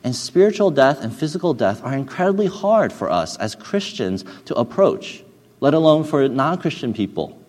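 Man, pastor preaching, earnest, halting restarts, mid-pitched voice, hall reverb. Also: big pitch swings. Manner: earnest, hesitant with frequent restarts, drops soft and low for stories. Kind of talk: sermon.

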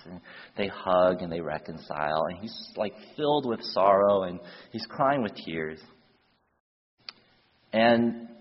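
In a reverberant church hall, captured with dull, lo-fi audio, a man preaches through a vivid story. His voice sits on the low side with a breathy edge, and he changes voices for the characters while sprinkling in casual fillers.

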